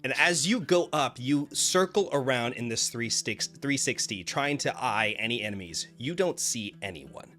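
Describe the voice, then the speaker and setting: A man's voice: medium pitch, lively intonation, sharp tone. Man narrating as game master. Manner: descriptive, measured narration with frequent fillers.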